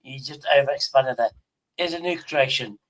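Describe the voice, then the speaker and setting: A man's voice: medium pitch, slight background noise, low-quality recording. Male streamer, casual chat, stop-start delivery, repeats himself, mid-range voice. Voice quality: halting, repeats words, swears casually. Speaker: livestream host.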